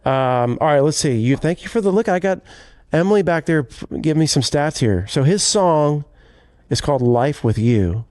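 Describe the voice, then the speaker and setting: A man's voice: fairly high pitch, lively intonation, moderate pace, a little mellow, no room sound. Chatty man, dry studio sound. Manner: rambling, self-correcting, chatty. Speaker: podcast co-host, country singer. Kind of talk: casual chat.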